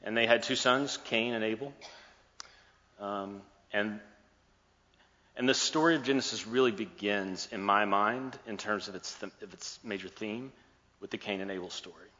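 A man's voice: fairly low pitch, normal speed, sharp tone. A man preaching a sermon, retelling a scripture story in a playful, joking way, recorded in a large hall with a dull sound and long echo.

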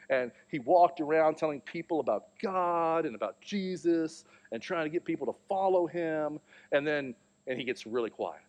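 A slightly high-voiced man in his thirties, a pastor, preaches a sermon and tells a family story, animatedly acting out the voices of the people in it. The recording has its highs cut off.

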